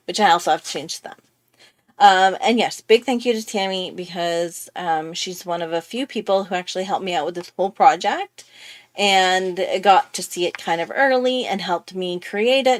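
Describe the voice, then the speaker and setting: A bubbly woman hosts a casual live art stream from her home studio. She talks in an excitable, chatty way, full of fillers and quick apologies. Her voice sits at an ordinary middle pitch. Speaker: art channel host.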